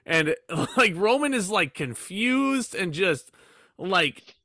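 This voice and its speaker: Male guest cohost, bright, higher-pitched, dry close sound, excitable. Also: dry recording. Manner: excitable, quick, peppered with "like". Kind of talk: casual chat.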